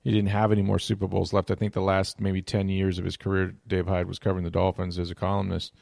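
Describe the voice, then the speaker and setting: Gravelly-voiced man telling stories on a podcast. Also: deep voice, monotone, fast talker, a little mellow, dry recording, studio quality. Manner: rambling storyteller with frequent restarts and laughs. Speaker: podcast host. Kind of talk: casual podcast chat.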